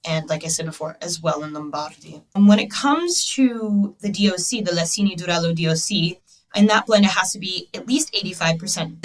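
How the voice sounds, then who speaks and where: A woman's voice: on the low side, distant mic. An American woman hosting a podcast interview, bubbly and playful, laughing often and teasing her guest. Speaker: podcast host. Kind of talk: casual interview chat.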